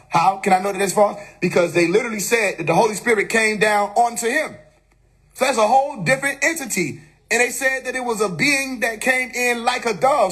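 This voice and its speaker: A man's voice: high-pitched, fairly bright tone, slightly rough. A man on a phone live stream giving an emphatic, preachy spiritual monologue, full of rhetorical questions and casual swearing.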